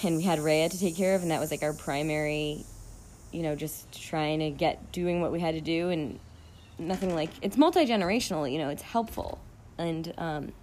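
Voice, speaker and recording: A woman's voice: sits low, normal speed, darkish tone, a little hiss or hum. A middle-aged woman hosting her own podcast, talking in an emotional, rambling way with many restarts and fillers. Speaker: podcast host. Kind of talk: casual personal podcast monologue.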